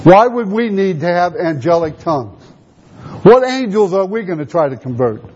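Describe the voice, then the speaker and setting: Man preaching a sermon, high voice, emphatic questioning delivery, dull lo-fi sound. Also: big pitch swings, moderate pace, a little mellow, a little hiss or hum. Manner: rhetorical questions, emphatic teaching. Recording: dull lo-fi recording.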